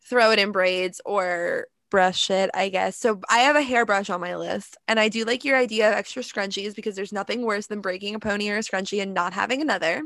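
A woman's voice: mid-range voice, a bit bright, no echo, clean studio sound. A woman co-hosting a casual chat, chatty and laughing often. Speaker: podcast co-host.

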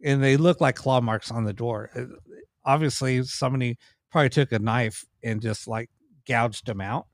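A man's voice: medium pitch, normal speed, dry recording, studio quality. A man, a paranormal investigator and cameraman, telling stories in a casual, rambling way with many restarts. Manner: animated, rambling, with frequent restarts. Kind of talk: casual storytelling in a podcast interview.

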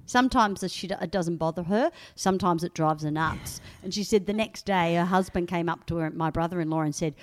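A woman's voice: lowish voice, brisk, hardly any pauses. A woman co-hosting a family podcast, talking in a sing-song way in casual chat. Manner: sing-song, hums and sings a lot. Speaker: podcast co-host.

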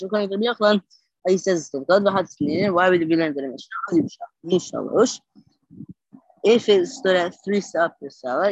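Halting, sleepy Talmud reader, dry lo-fi sound. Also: medium pitch, no room sound. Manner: halting, many fillers and self-corrections. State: sleepy, yawning. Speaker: podcast host teaching the daily Talmud page. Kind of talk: reading and translating Talmud text.

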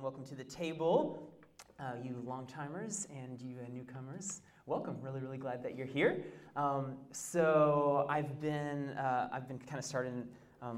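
Male pastor, casual, animated storyteller in a sermon. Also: medium pitch. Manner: chatty, animated storytelling with asides.

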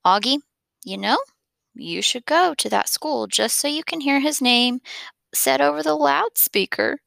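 A woman's voice: mid-range voice, unhurried, vocal fry, dry recording. A woman reading aloud, voicing a cheerful father who loves to joke and make his family laugh. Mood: joking. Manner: excited, jokey.

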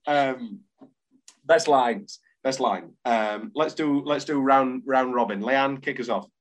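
A man hosting a casual film podcast, talking in an animated way and often stumbling over restarts as he quotes lines. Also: medium pitch, slow pace. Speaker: podcast host.

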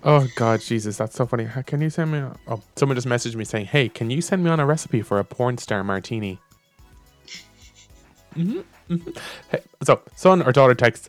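A man co-hosting a casual chat show, reading out funny text messages in a playful, animated way and laughing often. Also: mid-range voice, brisk, no echo, soft background music. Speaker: podcast co-host.

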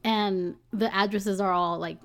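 A woman's voice: mid-range voice, steady tone, unhurried. A young woman chatting casually, telling a story in a rambling way, filling gaps with "like" and "you know", swearing and laughing now and then. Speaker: package delivery driver.

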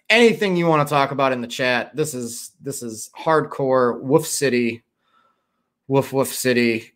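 A man hosts a casual livestream and rambles from one thought to the next, swearing freely and teasing himself. His voice sits at an ordinary mid pitch as he reads out chat messages. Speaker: livestream host.

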